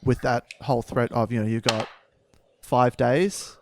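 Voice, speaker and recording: A man's voice: mid-range voice, fairly even intonation, unhurried, background noise. A man co-hosting a casual book podcast, rambling and joking with lots of fillers, with a slight head cold. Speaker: podcast co-host.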